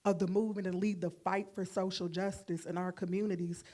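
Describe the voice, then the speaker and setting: A woman's voice: on the low side, flat delivery, mellow. A woman in the audience asking a long, formally worded question at a Q&A. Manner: measured, formal, long-winded phrasing.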